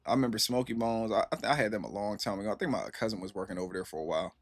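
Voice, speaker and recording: A man's voice: on the low side, rapid-fire. A man hosting a casual reaction stream, talking in a laid-back, repetitive way and often saying "man". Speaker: streamer host.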